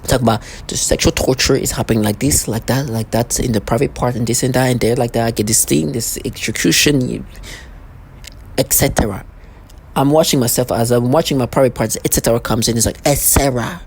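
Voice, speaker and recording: Angry ranting monologue, threatening tone, repeated restarts, mid pitch, faint background noise. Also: fairly quick, darkish tone, low-quality recording.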